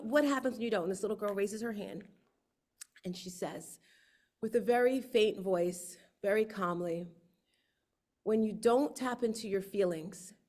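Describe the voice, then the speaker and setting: A woman hosting her book launch on a livestream, telling lively stories and acting out quotes. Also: mid-range voice. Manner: lively storyteller, acts out quotes. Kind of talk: casual livestream talk.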